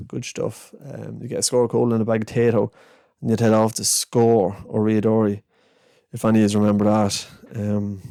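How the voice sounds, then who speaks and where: A man's voice: lowish voice, darkish tone, dry recording, studio quality. A young Irish man hosting a podcast, telling a meandering story with plenty of laughs. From Ireland. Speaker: podcast host. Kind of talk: casual rambling monologue.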